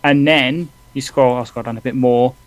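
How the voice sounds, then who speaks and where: A man co-hosting a live fan stream, reading out stats in a halting way with fillers. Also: medium pitch, steady tone, smooth, no echo, highs cut off. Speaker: fan podcast co-host. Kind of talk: casual live watch-along chat.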